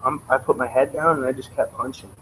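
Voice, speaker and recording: A man's voice: medium pitch, fairly even intonation, quick pace, pushed and bright, slight background noise, rough recording. A man telling a personal story on a live stream in casual, profane street slang. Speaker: livestreamer.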